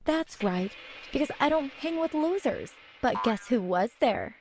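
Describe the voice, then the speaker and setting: A woman's voice: sits high, expressive, unhurried, noisy background. A woman putting on a sneering mean girl. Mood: taunting. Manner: taunting, mocking.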